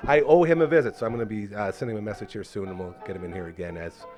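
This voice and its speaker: A man's voice: fairly low pitch, racing, over music. A man from Canada hosting a local podcast, upbeat and effusive as he thanks guests and signs off. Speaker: podcast host. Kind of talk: casual chat.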